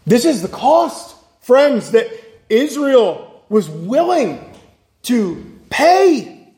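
A man with a high voice preaches earnestly and emphatically, leaning on repetition and rhetorical questions as his sermon echoes through a church hall. His delivery is sing-song, extremely slow, and mellow.

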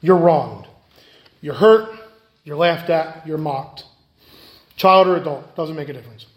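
A man preaching a sermon as pastor, emphatic and repetitive, swinging between loud stresses and hushed asides. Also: fairly high pitch, measured pace. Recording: echoey room.

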